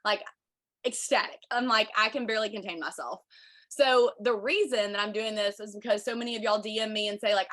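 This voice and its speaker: A woman's voice: mid-range voice, brisk, fairly bright tone. A woman, hosting a chatty, bubbly livestream for her viewers. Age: 30s. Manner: bubbly, chatty, says y'all a lot. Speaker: podcast host.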